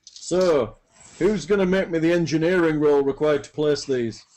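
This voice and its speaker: A man running a tabletop game as game master, narrating events in a brisk, matter-of-fact way over online voice chat. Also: fairly high pitch, a little mellow.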